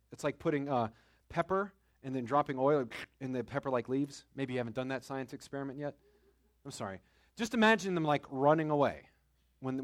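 A man preaching a conversational sermon, telling personal stories with dramatic swings between loud and hushed delivery. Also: on the high side.

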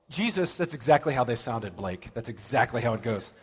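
A man preaching a sermon, telling stories with dramatic pauses and lively emphasis. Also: medium pitch, breathy edge. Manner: animated storytelling with dramatic pauses. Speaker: pastor. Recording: long reverb of a large hall.

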